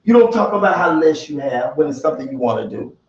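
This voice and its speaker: A man preaching to a bible study group in an animated, colloquial way, slipping into whiny prayer voices. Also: fairly high pitch, quick pace. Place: church room. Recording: echoey, distant, dull church recording.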